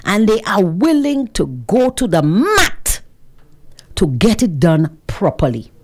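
A woman's voice: medium pitch, big pitch swings, takes it slowly. A woman from Saint Lucia with a Saint Lucian accent, delivering an opinionated monologue full of sarcastic rhetorical questions to her listeners. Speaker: social commentator.

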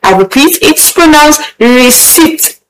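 High-voiced woman teaching on radio. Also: expressive, faint music behind, low-quality recording. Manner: slow, careful repetition of words, instructive. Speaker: radio host teaching English. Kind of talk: radio English pronunciation lesson.

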